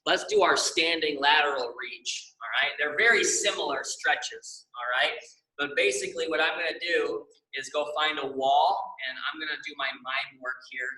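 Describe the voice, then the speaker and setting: A man's voice: a little high, moderate pace, sharp tone, reverberant, far from the mic, poor audio. A young man leading a stretching class, upbeat and encouraging, often checking in with the class. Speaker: exercise class instructor.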